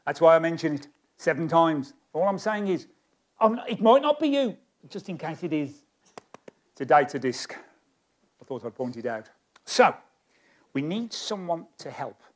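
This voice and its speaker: A man with a slightly higher voice works the stage as a magician. He jokes at his own expense and chats freely with the volunteers. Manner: chatty, self-mocking, joking with volunteers. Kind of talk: live stage magic patter. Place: stage of a magic society hall.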